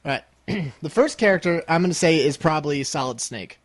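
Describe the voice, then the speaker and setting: A young man with a high voice co-hosts a casual podcast, his pitch leaping around as he jokes and teases. The sound is dry and close, with no room around it. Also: lively intonation, a little fast, no room sound. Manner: joking, playful, throat-clearing. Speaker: podcast co-host.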